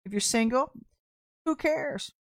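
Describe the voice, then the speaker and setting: A woman's voice: high voice, lively intonation, a little slow. A middle-aged woman hosting a livestreamed prophetic podcast, talking bluntly and animatedly, laughing at herself and repeating phrases for emphasis.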